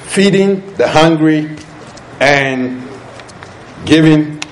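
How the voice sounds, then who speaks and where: A man preaching a sermon in a deliberate way, asking rhetorical questions as he explains the passage. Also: high voice. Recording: echoey room with faint ambient noise.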